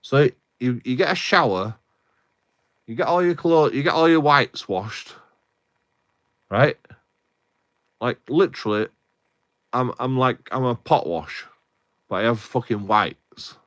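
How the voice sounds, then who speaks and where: A man's voice: mid-range voice, expressive, a little slow, long pauses, fairly bright tone. A young man, ranting casually on a live stream, rambling with heavy swearing and many restarts.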